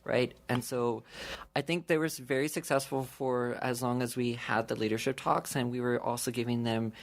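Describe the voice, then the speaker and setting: This is a man talking as a guest on a casual podcast, drifting through a story with plenty of restarts. He laughs a lot between his phrases, keeping the mood light and easygoing. His voice sits at an ordinary middle pitch. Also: steady tone, moderate pace, creaky. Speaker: podcast guest, young adult ministry leader.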